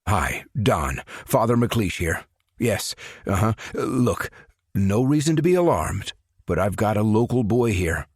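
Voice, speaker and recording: A man voicing a calm, careful middle-aged priest on the phone, polite and hushed. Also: fairly low pitch, measured pace, breathy edge, no room sound, clean studio sound, voice pushed up, heavily acted. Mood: urgent.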